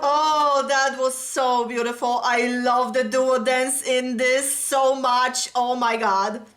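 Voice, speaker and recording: A woman hosting a reaction video, gasping and exclaiming breathlessly with excitement. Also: high voice, slow. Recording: roomy echo with music playing behind. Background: the reacted music video's music.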